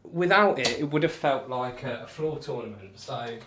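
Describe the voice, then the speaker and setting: A man's voice: medium pitch, lively intonation, moderate pace, heavy background noise. A man chatting casually on a live stream, reading out viewer comments and bantering between darts throws in a rambling, friendly way. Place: home room while throwing darts.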